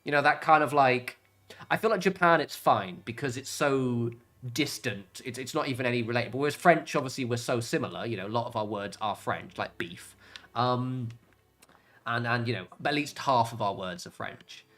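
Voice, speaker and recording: A man's voice: mid-range voice, normal speed, a bit bright. A British man chatting casually while livestreaming a game, rambling between topics, laughing often and swearing now and then. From Britain. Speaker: gaming livestreamer. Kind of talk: casual chat while playing.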